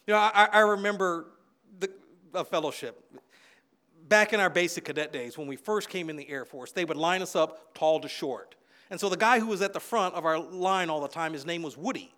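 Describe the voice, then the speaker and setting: A middle-aged pastor preaches a sermon as an animated storyteller, speaking fairly quickly. He repeats phrases for emphasis and swings widely in loudness and pitch.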